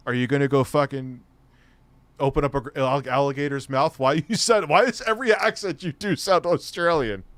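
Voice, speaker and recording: Guy rambling and swearing on a late night stream, bit high voice, dry close mic. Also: brisk, fairly bright tone, no echo. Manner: rambling, profane, laughing.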